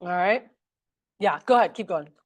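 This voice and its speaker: A woman's voice: mid-range voice, animated, normal speed, no echo. Casting: upbeat woman, sales trainer, talking to a room, close and dry sound. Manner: chatty, upbeat, addresses the group as "you guys". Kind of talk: training a group. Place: meeting room with a large group.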